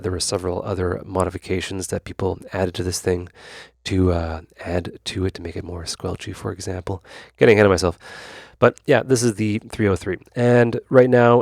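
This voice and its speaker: A YouTube host with a low, gravelly voice talks through a synth demo in a relaxed, rambling tutorial style, full of fillers and asides. The sound is dry and close, with no echo or room around it.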